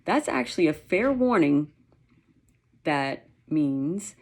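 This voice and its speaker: A woman with a low-pitched voice gives a relaxed lesson on reading dogs' signals. She talks in a loose, chatty way, full of fillers, and now and then imitates a dog's sounds. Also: normal speed. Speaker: dog trainer. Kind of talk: casual instructional talk.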